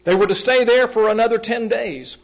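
A man preaching a sermon in a measured way, repeating key phrases for emphasis and asking the congregation direct questions. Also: extremely high pitch. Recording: muffled, lo-fi recording.

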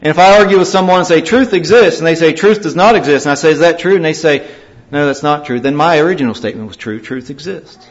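A male preacher delivering a sermon, swinging from loud, emphatic scripture reading to quiet, grave warnings. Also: fairly high pitch, fast talker. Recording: dull lo-fi recording.

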